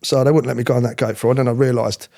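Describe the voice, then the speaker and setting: In a very fast, mid-range voice with vocal fry, a middle-aged man who used to be a royal protection officer tells blunt stories in a candid interview. He's animated, swears liberally, and does impressions of the people he discusses.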